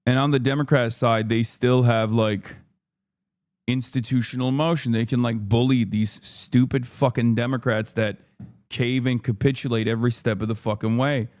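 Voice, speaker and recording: A man on a live stream, ranting heatedly and swearing freely as he comments on politics, now and then switching into a mocking put-on voice. His voice sits at a middling pitch and comes through close and dry, with little room sound. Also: steady tone, moderate pace, darkish tone, no room sound. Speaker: streamer host.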